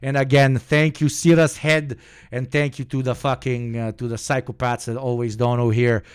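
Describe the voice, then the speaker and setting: A man from the Balkans hosting a livestream, shouting profane, hyped thank-yous to his viewers until his voice goes hoarse, then settling into calmer, sincere talk. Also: moderate pace. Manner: calmer, low-key and sincere. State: hoarse from screaming. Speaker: livestream host.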